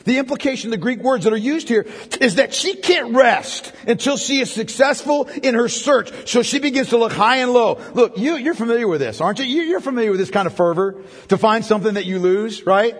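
A man's voice: very high voice, animated, brisk, breathy edge. A man preaching a sermon as pastor, talking conversationally and tossing in frequent tag questions to the congregation. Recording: long hall reverb.

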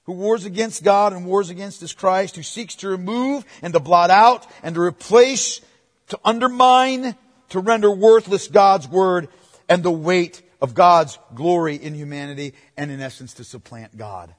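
Preaching man with a high voice. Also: moderate pace, big-room sound. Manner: preaching with wide swings from loud to hushed, playful asides. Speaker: pastor. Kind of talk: sermon.

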